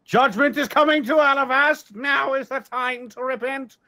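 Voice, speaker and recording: A man's voice: very high-pitched, fairly even intonation, normal speed, sharp tone, no room sound, exaggerated voice, rough recording. A man putting on a stern zealot preacher. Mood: stern preaching. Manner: stern, sermonizing proclamation. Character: adult male fire-and-brimstone temple preacher reading a zealous ad. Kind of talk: reading a fan newspaper ad in a put-on voice.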